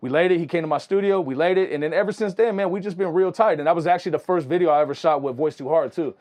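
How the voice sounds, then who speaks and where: A young man talks very quickly with a somewhat high voice, telling wild stories in loose, slangy chat. He keeps tossing in "you know what I'm saying" and keeps the energy high, speaking as a music producer guest on an interview. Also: a little mellow. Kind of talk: casual storytelling.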